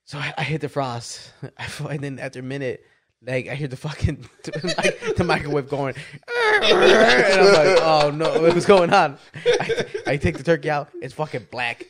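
A man co-hosting a podcast, telling a story in casual, animated chat full of swearing and "dude". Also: fairly high pitch, brisk, a crowd in the background. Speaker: podcast co-host.

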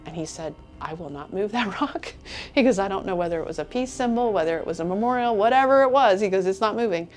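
A woman's voice: mid-range voice, lively intonation, fast, a little mellow, faint music behind. A woman being interviewed, earnestly retelling a story she heard and slipping into the teller's own words. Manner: earnest retelling that slips into quoting others. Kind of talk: casual storytelling.

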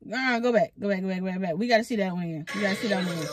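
A woman vlogger reacting to a fight video in casual, excitable commentary, with loud exclamations, laughter and lots of swearing. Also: medium pitch, very fast, a crowd in the background. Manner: swears freely, talks to viewers directly.

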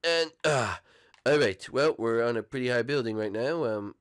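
A man's voice: medium pitch, normal speed, pitched below the performer's own voice, natural voice. A man voicing a panicky, mischievous ten-year-old cartoon boy in a fan role-play over gameplay, whiny and stammering. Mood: fretful. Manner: whiny and frantic, wailing and stammering.

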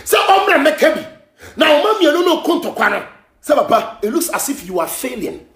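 A Ghanaian man hosting a gossip show, ranting and scolding in heated commentary, often shouting, switching between Twi and English. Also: very high-pitched, big pitch swings, normal speed, reverberant.

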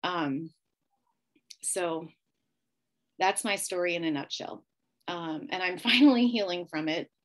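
Woman podcaster telling her own story, pretty low voice, open and emotional, lots of ums. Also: slow, long pauses. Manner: candid and emotional, with frequent fillers. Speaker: podcast host. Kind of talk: personal storytelling monologue.

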